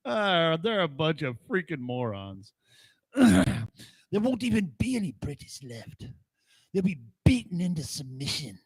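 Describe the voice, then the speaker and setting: A man's voice: high voice, very animated, unhurried, long pauses, sharp tone, no room sound, studio quality. A middle-aged man with a sarcastic, mocking manner and frequent chuckles, hosting a casual rant about old records. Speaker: podcast host playing old records.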